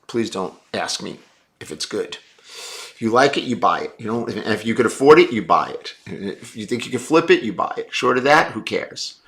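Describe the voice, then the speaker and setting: A man's voice: fairly low pitch, lively intonation, moderate pace, a bit bright. A man hosting a casual live stream, answering viewer chat in a blunt, brash and profane way.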